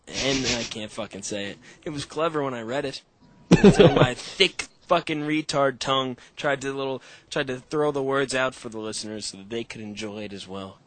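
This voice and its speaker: A man's voice: mid-range voice, fairly bright tone. A man hosting a podcast, chatting casually with a lot of swearing and laughter. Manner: profane, rambling, laughing often. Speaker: podcast host. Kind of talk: casual chat. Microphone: call-in setup with echo.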